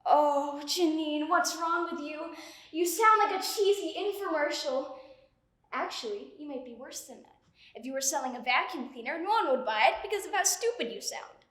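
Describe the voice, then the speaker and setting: A high, bright, frantic young woman nags herself through interview practice, as a young actress plays her. She talks in quick bursts of self-scolding. The room adds a roomy echo. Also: lively intonation. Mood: chattering. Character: anxious young woman rehearsing for a college interview. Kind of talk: stage monologue.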